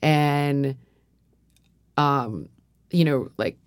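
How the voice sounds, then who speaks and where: A woman's voice: a bass voice, extremely slow, smooth, no echo, studio quality. A woman hosting a podcast, talking in a candid, rambling, profane way with frequent restarts. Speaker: podcast host. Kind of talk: casual podcast chat.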